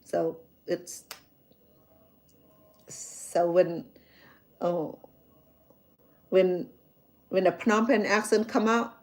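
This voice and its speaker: A woman's voice: on the low side, extremely slow, long pauses, darkish tone. Woman, Cambodian accent, chef host, casual chat, repeats herself, chatty. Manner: chatty, repeats words, checks in with "okay?".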